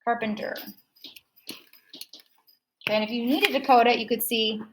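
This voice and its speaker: A woman's voice: on the high side, fast talker, background noise. A woman teaching a recorded phonics lesson, patiently modeling sounds and asking the listener to repeat after her.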